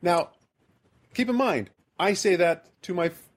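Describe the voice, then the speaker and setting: With a high voice and a slightly slow delivery, a Midwestern American man hosting a podcast rambles through a self-deprecating story in casual conversation.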